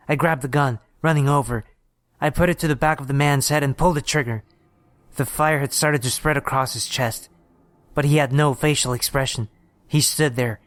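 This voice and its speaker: A man reading a horror story aloud in steady, measured scripted narration. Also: a little high, dry recording.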